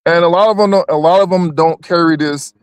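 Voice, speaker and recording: A man's voice: on the high side, fairly even intonation, brisk, smooth, no room sound. A man co-hosting a live stream, talking politics casually, with many restarts and repeated words.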